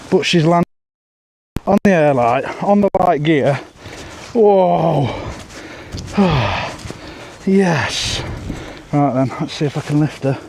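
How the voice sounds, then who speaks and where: A man vlogging while sea fishing on a windy shore, chatting excitedly to viewers and out of breath, recorded on his phone. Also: on the high side. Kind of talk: casual outdoor commentary to camera. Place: windy seashore outdoors.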